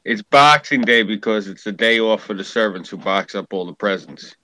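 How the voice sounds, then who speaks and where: A man's voice: fairly low pitch, normal speed, sharp tone, no echo, low-quality recording. A man chatting casually in a dry, matter-of-fact way. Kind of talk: casual chat.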